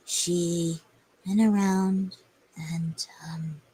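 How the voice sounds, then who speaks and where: Slow, husky young woman telling a story. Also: on the low side, fairly even intonation, mellow. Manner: rambling, hesitant, many fillers. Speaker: streamer. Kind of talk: casual storytelling on a livestream.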